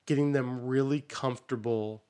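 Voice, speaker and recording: Male teacher co-host, animated storyteller, mid pitch, casual chat. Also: moderate pace. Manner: animated storyteller, acts out what students say.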